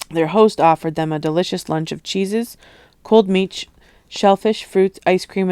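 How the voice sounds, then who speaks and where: A woman reading a novel aloud in a steady, expressive storytelling manner. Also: on the low side, clear, resonant tone, dry recording, studio quality. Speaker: audiobook reader.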